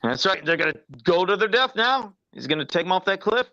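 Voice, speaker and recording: A man's voice: high-pitched, very animated, fairly quick, sharp tone, no room sound. A man co-hosting a podcast, sarcastic in casual chat about a comic, swearing freely. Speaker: podcast co-host. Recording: dull lo-fi dry mic.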